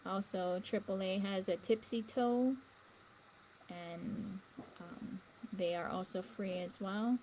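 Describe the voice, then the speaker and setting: A woman's voice: mid-range voice, steady tone, takes it slowly, dark tone, a little hiss or hum, rough recording. A woman hosting a spiritual livestream, talking earnestly and rambling with fillers. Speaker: livestream host. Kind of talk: casual spiritual talk.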